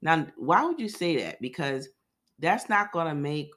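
A man's voice: on the high side, sing-song, measured pace, a bit bright. A man co-hosting a podcast, casually recapping a TV episode in a chatty, loose, profane way. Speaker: podcast co-host.

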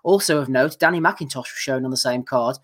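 Man, podcast host, dry wry delivery, reading listener messages, mid pitch. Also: a little fast, a bit bright.

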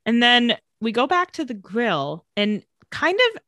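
Bright, sarcastic young woman recapping. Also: on the high side, very animated, a little slow, no room sound, clean studio sound. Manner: sarcastic, acts out characters' lines. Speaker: podcast co-host. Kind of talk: casual recap chat.

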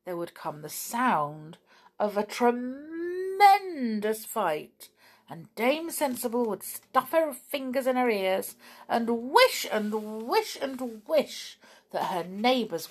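A woman reading a children's story aloud in an expressive, unhurried way. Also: a little high.

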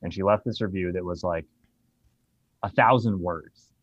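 A man's voice: sits low, normal speed, fairly bright tone, husky, no room sound, muffled recording. A man who owns a bar, telling a long, profanity-laced anecdote in casual chat. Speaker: bar owner. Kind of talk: casual storytelling.

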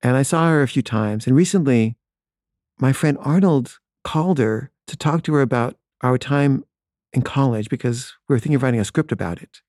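Mellow-voiced man telling a personal story. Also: medium pitch, normal speed, dry recording, clean studio sound. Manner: candid, wry and conversational.

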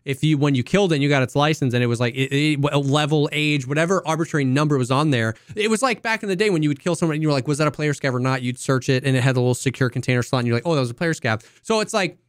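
A man co-hosting a gaming podcast, talking in a loose, animated, casual way, saying "dude" and "you know what I mean" often. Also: on the high side, rapid-fire, few pauses, clean tone, no room sound, clean studio sound. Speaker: podcast co-host.

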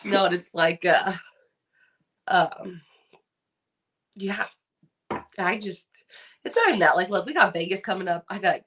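A woman's voice: on the low side, animated, a little slow, long pauses, a bit bright. A middle-aged woman from California co-hosting a podcast, chatting casually and rambling with lots of fillers and restarts. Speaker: podcast co-host. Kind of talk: casual chat.

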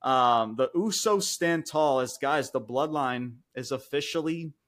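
Excited, swearing man recapping wrestling. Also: medium pitch, a little slow. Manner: excited, swears a lot, many fillers. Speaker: podcast co-host reviewing wrestling. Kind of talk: casual chat, recapping a show.

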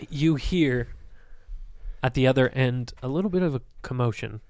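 A man's voice: medium pitch, normal speed, darkish tone, dry recording. Laid-back male game master, dry sound. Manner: rambling, hesitant, laughs often. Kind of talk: narrating a tabletop game.

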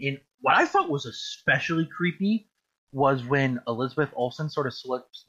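A man hosting a casual chat, animated and quick to swear and laugh. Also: medium pitch, husky. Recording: dull lo-fi recording.

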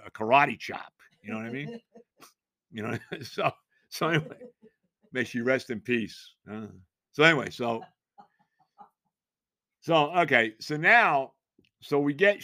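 A man in his sixties, hosting a podcast, tells a rambling, animated story in casual chat, repeating himself and laughing along the way. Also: mid-range voice, gravelly, dry recording, clean studio sound. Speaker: podcast host.

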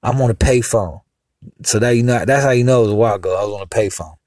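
A man's voice: on the low side, fast, darkish tone, dry recording. A man hosting a podcast in a casual, rambling monologue, heated and cursing now and then. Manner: rambling and heated, with vulgar asides. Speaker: podcast host.

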